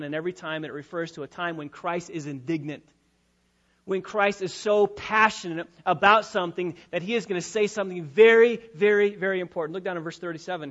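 A male pastor preaching a sermon, dropping to quiet, quick asides and rising to loud, drawn-out emphasis. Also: fairly high pitch, lo-fi sound.

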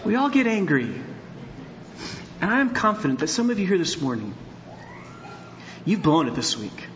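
Candid and storytelling, a middle-aged man preaches a sermon as pastor in a church sanctuary, occasionally building to emphatic outbursts. His voice is a little high, and the audio is dull with a little hiss or hum.

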